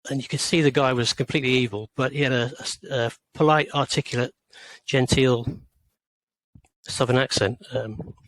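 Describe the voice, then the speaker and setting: A man in his sixties from rural England, a guest author on an interview show. He speaks at a mid pitch and picks his words slowly, with many pauses and restarts. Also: steady tone, fairly bright tone, a little hiss or hum, low-quality recording. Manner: hesitant, many fillers and restarts.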